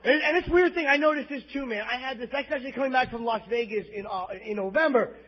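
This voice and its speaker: Captured on a muffled bootleg tape from the audience, a New York-accented comic does crude, self-deprecating stand-up at a live club. He talks fast in an extremely high-pitched voice.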